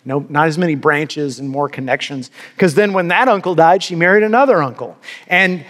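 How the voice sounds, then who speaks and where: A man's voice: on the high side, moderate pace, fairly bright tone. Earnest preacher man in a reverberant hall. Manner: earnest, emphatic, repeats words for stress. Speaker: pastor. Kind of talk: sermon.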